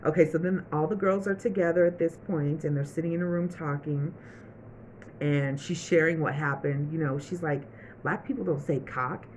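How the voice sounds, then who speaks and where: A woman's voice: deep voice, steady tone, normal speed, a little mellow, slight background noise, poor audio. A woman giving a casual, chatty recap of a TV episode, acting out the characters' lines as she goes. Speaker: TV show reviewer.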